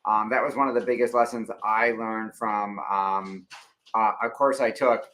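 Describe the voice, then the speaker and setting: Casting: husband co-host, bright tense voice, brisk and to the point. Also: male voice, on the low side, fairly even intonation. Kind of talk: casual chat.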